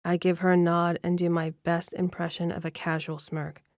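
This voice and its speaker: A woman narrating a first-person romance audiobook in an even, measured storytelling manner, close to the mic. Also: fairly low pitch, dry recording.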